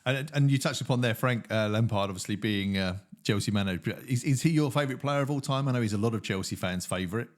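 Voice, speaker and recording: A man's voice: medium pitch, fast talker, hardly any pauses. A man hosting a casual interview, friendly, laughing along and often restarting his questions. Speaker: interviewer, host.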